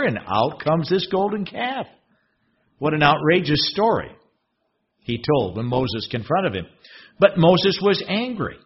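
A man preaching a sermon in a husky voice, expressive and fond of rhetorical questions. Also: on the high side. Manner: expressive, rhetorical questions, swings from loud to hushed. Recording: dull lo-fi recording.

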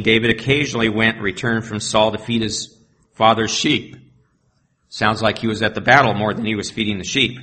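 A man's voice: lowish voice, bright, forceful tone. A man preaching, reading Bible verses aloud and adding plain, conversational asides. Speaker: pastor. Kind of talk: sermon with scripture reading.

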